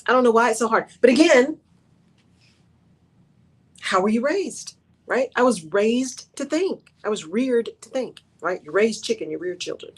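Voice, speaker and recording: A woman's voice: on the high side, expressive, a little slow, husky. A woman hosting a talk radio show, speaking in an emphatic monologue that repeats its key phrases and keeps checking in with "right?".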